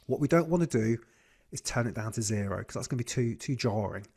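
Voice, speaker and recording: A man leading a guided breathing class on a video call, giving slow, soothing cues. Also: mid-range voice, lively intonation, creaky, darkish tone, breathy edge. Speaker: breathwork coach.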